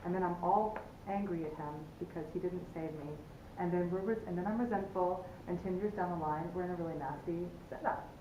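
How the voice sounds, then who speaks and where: A woman presenting a relationship workshop, telling a story in a lively, jokey way. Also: on the low side, fairly quick, noisy background. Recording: distant, echoey, tinny.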